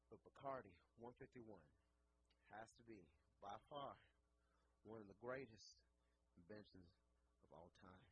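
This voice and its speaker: A man doing a hushed, mock-solemn rum lover. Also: on the low side, measured pace, pauses often, close to an everyday voice. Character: grown man solemnly praising his rum. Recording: noisy background ambience.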